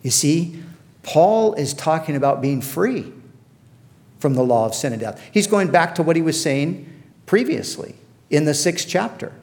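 A man preaching a sermon, earnest and emphatic, slowing down to quote scripture and often repeating words as he restarts. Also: fairly high pitch, very animated, darkish tone. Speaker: pastor.

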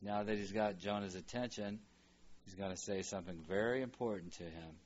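A man teaching a Bible language lesson, slowly sounding out and repeating words for students to follow. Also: lowish voice, fairly even intonation, dull audio, slight background noise. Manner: slow, repeats words aloud for practice. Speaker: Hebrew teacher.

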